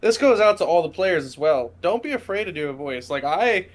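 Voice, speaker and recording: A man's voice: on the high side, animated, fairly quick. A man from California talking with enthusiasm and encouragement on a casual podcast.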